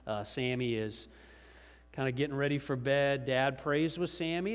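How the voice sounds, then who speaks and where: A man's voice: mid-range voice, normal speed. A middle-aged man preaching a sermon in a conversational storytelling manner with chuckles, as the pastor. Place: large church sanctuary. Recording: reverberant church hall.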